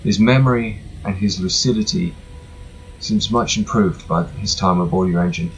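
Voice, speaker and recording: A man's voice: low voice, normal speed. A man narrating a video game, reading its text aloud with mock-dramatic flourishes and dry joking asides. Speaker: gameplay narrator. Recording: faint music behind, slightly tinny room.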